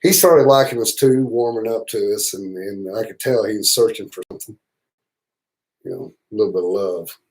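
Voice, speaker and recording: A man's voice: fairly low pitch, moderate pace, a little mellow, low-quality recording. A man with a Southern US accent, hosting a livestream and spinning rambling, profane, teasing stories in a casual way. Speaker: motorcycle travel channel host.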